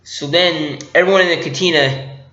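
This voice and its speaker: Guy rambling through a movie recap, bright voice, kinda high, roomy. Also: steady tone, normal speed. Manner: rambling, lots of "like" fillers. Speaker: movie reviewer. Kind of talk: casual spoken movie review. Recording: echoey room, dull lo-fi mic.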